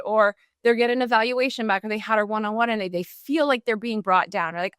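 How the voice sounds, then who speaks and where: A woman speaking as a customer service trainer in a podcast interview, animated and full of "like" and "right?". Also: fairly high pitch, fast, hardly any pauses, smooth, no room sound, studio quality.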